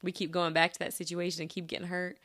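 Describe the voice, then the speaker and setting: A woman's voice: fairly low pitch, level tone, fast, a bit bright. Chatty woman hosting a podcast. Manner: chatty, giggly, addresses listeners directly. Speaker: podcast host. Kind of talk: casual solo podcast chat.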